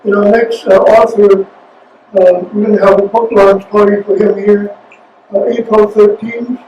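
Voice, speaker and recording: A fairly high-voiced man from China reads his poems aloud and talks between them, pausing often and hesitating as he goes. The mic sits some distance away in an echoey room, and a faint hum sits underneath. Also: little pitch movement, dark tone, dull audio. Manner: halting, many hesitations between phrases. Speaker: featured poet. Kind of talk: poetry reading with spoken asides. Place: reading venue. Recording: roomy sound from a distant mic, faint noise.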